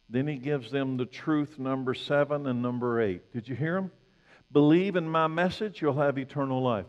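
A male pastor preaching a sermon, swinging from loud emphatic peaks to hushed, low lines. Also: big-room sound.

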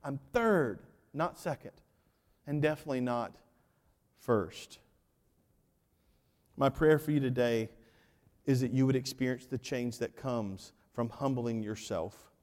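A man preaching a sermon as pastor, animated and joking with the congregation, dropping to hushed emphasis on key points. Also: mid-range voice, a little slow, pauses often, big-room sound. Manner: jokes with the congregation.

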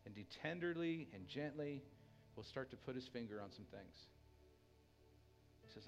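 Man preaching with soft music behind. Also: mid-range voice, lively intonation, normal speed, creaky. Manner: dynamic, dropping to a hushed tender voice then rising loud. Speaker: pastor. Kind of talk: sermon.

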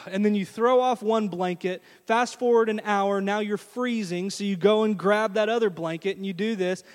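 A man preaching a sermon in a church, telling a story in an animated way and speaking straight to the congregation. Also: high-pitched. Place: church sanctuary. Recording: long reverb of a church hall.

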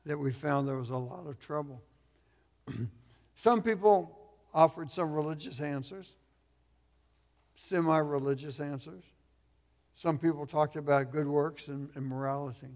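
A man from Texas preaching a sermon as a guest pastor, losing his voice, clearing his throat and pausing on fillers. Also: on the high side, darkish tone, in a large hall.

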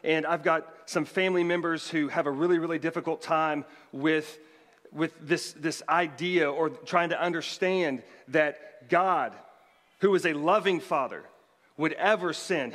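A pastor with a fairly high-pitched voice delivers a relaxed, conversational sermon and drops in joking asides. His voice carries the long reverb of a large church hall. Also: moderate pace.

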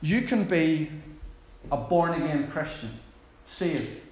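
A man's voice: a little high, expressive, takes it slowly, a little mellow, roomy sound. A man preaching a sermon in a conversational way, asking the congregation questions.

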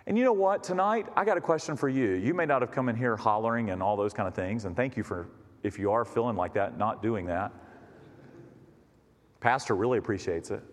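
A man's voice: fairly low pitch, brisk. A man preaching a sermon as pastor, impassioned and dramatic, his voice rising and dropping as he reads and exhorts. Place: church sanctuary. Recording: long reverb of a church hall.

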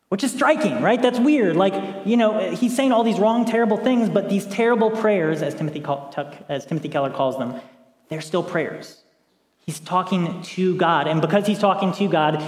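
A man giving a sermon in a chatty, conversational way, with many fillers and restarts. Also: on the high side. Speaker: lay preacher. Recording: echoey hall with long reverb.

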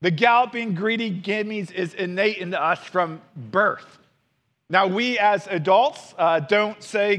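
Bright, chatty male preacher. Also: high voice, unhurried. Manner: conversational, with storytelling asides. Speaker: pastor. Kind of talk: sermon.

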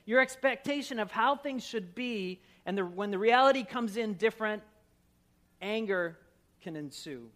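A middle-aged man from Minnesota, a pastor preaching a sermon with personal stories, animated and laughing at himself. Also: sits high, normal speed. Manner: animated, self-mocking storyteller who laughs at himself.

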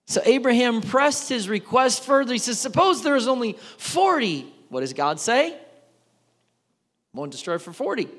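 A man preaching a sermon, telling the story with animated voices for each side of the dialogue. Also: very high-pitched, moderate pace. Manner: animated storytelling, acting out both sides of the dialogue. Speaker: pastor. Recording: long hall reverb.

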